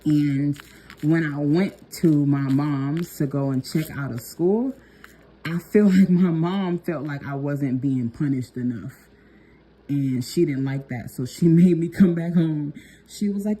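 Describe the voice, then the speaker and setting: A woman's voice: sits low, a little slow, warm tone, breathy edge. A young woman nail technician telling a personal story in a chatty, laughing vlog style, talking to viewers as y'all.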